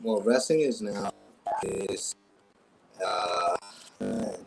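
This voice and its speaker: A man calling in as a guest, halting and drawling over a phone line. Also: on the low side, creaky, noisy background. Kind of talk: casual chat. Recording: tinny phone line with music behind.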